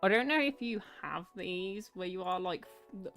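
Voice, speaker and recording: A woman's voice: medium pitch, expressive, moderate pace, fairly bright tone, soft background music. A young woman chatting casually during an art livestream, chatty and self-mocking. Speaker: art streamer. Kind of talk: casual chat while drawing on a livestream.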